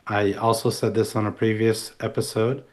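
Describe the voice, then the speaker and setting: Low-voiced man musing on business news. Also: little pitch movement, normal speed, darkish tone. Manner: talkative, rambling with restarts and asides. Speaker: podcast co-host. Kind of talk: casual analytical chat.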